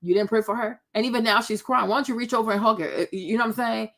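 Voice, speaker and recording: A woman's voice: a little high, quick pace, a bit bright. A woman hosting a reaction commentary, scolding bluntly and cursing freely. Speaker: commentary host.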